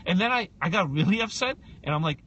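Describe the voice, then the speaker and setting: A man co-hosting a casual podcast, telling a story with lots of energy, acting out both sides of the talk and sometimes breaking into shouts. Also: high-pitched, lively intonation, fast, breathy edge, highs cut off. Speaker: podcast co-host.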